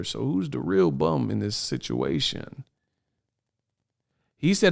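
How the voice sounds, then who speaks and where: A man's voice: mid-range voice, animated, a little slow, vocal fry. A man hosting a casual boxing reaction commentary, slangy and incredulous.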